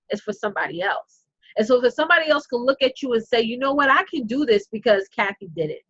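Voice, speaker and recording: A woman's voice: on the high side, fairly bright tone, no echo. A woman business coach giving an impassioned, preachy motivational talk to her audience live, repeating phrases for emphasis. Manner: talks straight to her audience as y'all and ladies. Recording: dull lo-fi recording.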